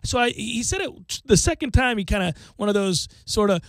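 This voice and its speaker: High-voiced middle-aged man ranting on radio. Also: brisk, dry recording. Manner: animated, ranting storyteller. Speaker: sports radio host. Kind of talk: casual sports radio chat. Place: radio studio. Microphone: studio microphone.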